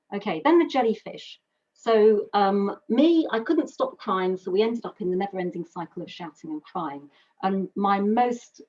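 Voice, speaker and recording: A woman's voice: mid-range voice, a little mellow, slightly rough. A British woman and carer giving an earnest, personal webinar talk, explaining with metaphors and lists. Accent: British English. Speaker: carer speaker. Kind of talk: webinar presentation. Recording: dull lo-fi webinar audio.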